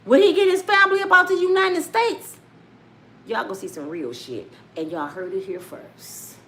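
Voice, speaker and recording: A woman giving casual, profane celebrity gossip commentary in a loud, animated way. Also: sits high, moderate pace, a little hiss or hum. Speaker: vlogger.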